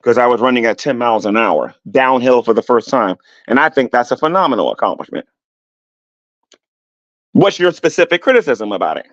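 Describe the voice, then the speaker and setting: A middle-aged man ranting on his vlog, animated and defensive, repeating himself and climbing higher when heated. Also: dry recording, highs cut off. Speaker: YouTuber. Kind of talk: rambling vlog rant.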